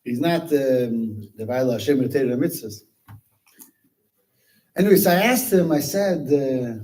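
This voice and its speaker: A male rabbi telling a story at a Chassidic gathering, animated, with Hebrew words dropped into his English. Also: mid-range voice, unhurried, pauses often, poor audio.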